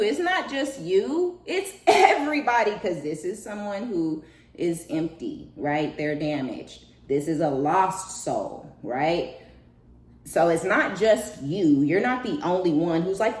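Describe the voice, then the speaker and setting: A woman giving a casual spiritual reading, profane and animated, slipping into high mocking voices with laughter. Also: normal speed, reverberant. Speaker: tarot reader.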